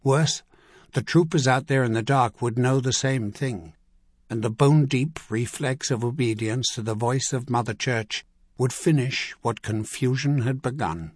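A man reading an adventure novel aloud as narrator, measured and vivid. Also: medium pitch, husky, dry recording, clean studio sound. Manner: measured, vivid storytelling with acted dialogue. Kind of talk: scripted audiobook narration.

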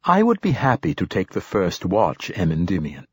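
A man reading the lines of a calm, courteous male android companion in an audiobook. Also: sits low, moderate pace, husky, dry recording, full character voice. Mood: gentle. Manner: soft and courteous.

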